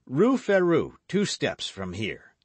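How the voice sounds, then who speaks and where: A man's voice: medium pitch, huge pitch swings, slow, husky, no room sound, voice pushed up, exaggerated voice. A man voicing a bold, gallant young guardsman in an audiobook reading, speaking earnestly and eagerly.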